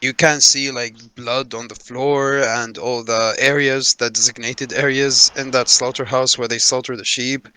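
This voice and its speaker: A man on a casual podcast who jumps in eagerly and explains things at length. His voice is bright and crisp, in a middle pitch. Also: flat delivery, moderate pace, hardly any pauses, dry recording. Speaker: podcast co-host. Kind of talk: casual chat.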